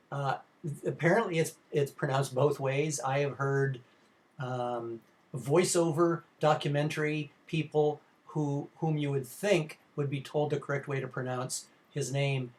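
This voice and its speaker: A middle-aged man records a slide lecture on cinema for his class. He talks in a loose, informal way, piling up fillers and restarts as he goes. His voice sits at an everyday middle pitch. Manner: rambling, lots of fillers and restarts; informal, addresses students directly. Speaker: film lecturer.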